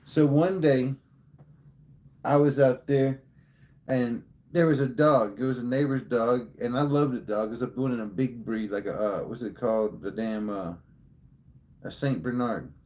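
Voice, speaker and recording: Male streamer, mid-pitched voice, swears a lot, spins a crude tall tale for chat. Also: unhurried, warm tone. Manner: profane, joking, tall-tale delivery. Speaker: livestream host. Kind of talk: rambling comic storytelling to chat.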